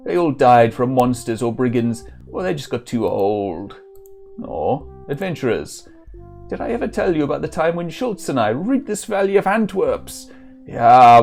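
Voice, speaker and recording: A man voicing an aging, nostalgic guildmaster in a point-and-click game, with booming, drawn-out speech. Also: a little mellow, lightly acted.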